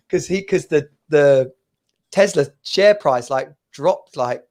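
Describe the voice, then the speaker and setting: A man in his thirties co-hosting a casual chat show, telling stories in an animated way and laughing often. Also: a little high, slow. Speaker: podcast co-host.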